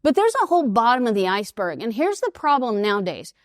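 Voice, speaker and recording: East texas lady in her 50s giving a talk, kinda high voice, dry close sound, acts out her stories. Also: fast talker, no room sound. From United States. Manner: lively storyteller who acts out quoted voices. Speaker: speaker at an international school. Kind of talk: presentation talk to an audience.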